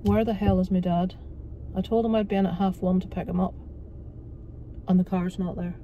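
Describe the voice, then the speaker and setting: A woman's voice: fairly low pitch, fairly even intonation, moderate pace, far from the mic, dull audio, slight background noise. A middle-aged woman from Northern Ireland with a Northern Irish accent, chatting frankly on a phone vlog and swearing freely. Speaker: vlogger. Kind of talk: casual vlog chat.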